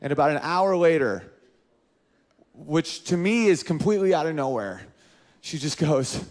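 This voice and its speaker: A man in his thirties doing an animated stand-up comedy routine, jumping in and out of character voices. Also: moderate pace, a little hiss or hum. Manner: animated, jumps into high-pitched character voices.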